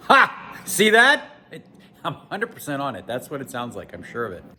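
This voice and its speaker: In a fast, very animated, fairly bright voice of medium pitch, a poker-playing vlogger talks casually to camera at home, moving between the backyard and indoors. He jokes throughout and chats with his dogs, with some wind and noise in the background.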